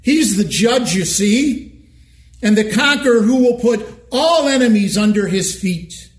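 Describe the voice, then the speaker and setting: A male pastor preaching a sermon in a church, measured and emphatic, asking rhetorical questions. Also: sits high, expressive, roomy sound.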